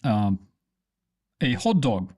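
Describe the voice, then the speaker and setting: A man's voice: medium pitch, big pitch swings, extremely slow, dark tone, husky. A man hosting a live stream, rambling casually with many fillers and restarts.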